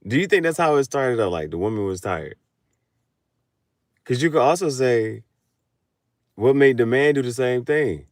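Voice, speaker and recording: A man in a casual late-night monologue who talks animatedly and laughs often, moving between low mutters and loud outbursts. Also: lively intonation, normal speed, pauses often, no echo, studio quality. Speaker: vlogger.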